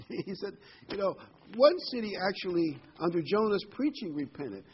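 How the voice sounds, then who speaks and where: A man's voice: sits high, very animated, moderate pace, dull audio, slight background noise. A man preaching a sermon in a conversational way, his voice lifting on key phrases.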